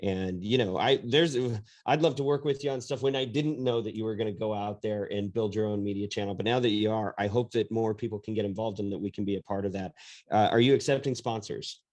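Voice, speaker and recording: A man with a lowish voice hosts a casual interview. He talks thoughtfully, often pausing and restarting his sentences. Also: darkish tone. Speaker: podcast host.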